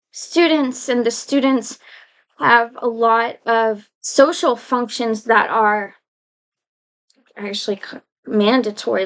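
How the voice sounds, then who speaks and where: Woman vlogger, high voice, casual rambling anecdote full of restarts. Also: a bit bright, rough recording. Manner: rambling, conversational, many restarts and asides. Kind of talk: casual storytelling monologue.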